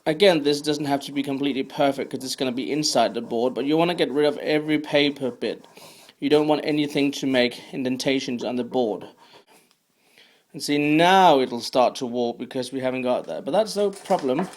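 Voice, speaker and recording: A man casually explaining a hobby craft step by step, then chatting about his day in a relaxed vlog. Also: medium pitch, brisk. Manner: easygoing, explains step by step with fillers. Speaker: fingerboard vlogger. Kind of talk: casual tutorial and daily vlog chat.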